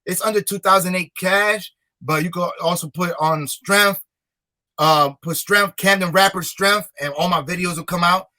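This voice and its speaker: Young rapper guest, high bright voice, repeats himself for emphasis. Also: male voice, fairly even intonation, normal speed. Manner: emphatic, repetitive, motivational. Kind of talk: casual interview talk.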